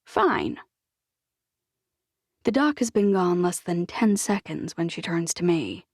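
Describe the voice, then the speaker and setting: A woman's voice: fairly low pitch, normal speed, a little mellow, breathy edge, no echo, studio quality. A woman reading a novel in the first person, with a wry, self-deprecating manner. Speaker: audiobook narrator. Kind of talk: first-person fiction narration.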